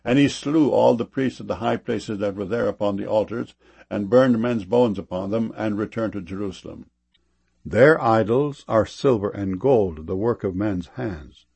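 A man giving a solemn, measured reading of King James scripture. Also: on the low side, gravelly, darkish tone, breathy edge.

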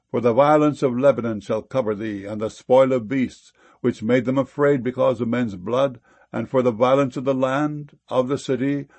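A man giving a solemn, measured reading of King James scripture. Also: medium pitch, warm tone, husky.

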